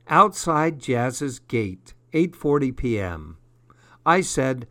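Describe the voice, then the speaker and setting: A man reading a comic first-person diary as an audiobook, with a deadpan delivery. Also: medium pitch, slow, dry recording, studio quality. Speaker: audiobook reader.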